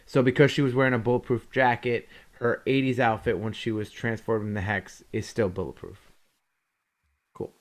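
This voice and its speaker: A man in casual podcast chat, recapping episodes in a loose, rambling way. His voice sits at a middle pitch for a man. He slips into quick put-on voices when quoting scenes. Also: level tone. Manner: rambling, acts out quotes from the show. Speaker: podcast co-host.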